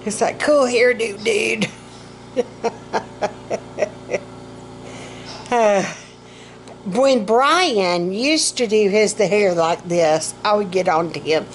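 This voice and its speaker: A woman's voice: medium pitch, drawn-out words, pauses often, a little hiss or hum, rough recording. A middle-aged woman, vlogging casually about her health, rambling and self-mocking, and short of breath.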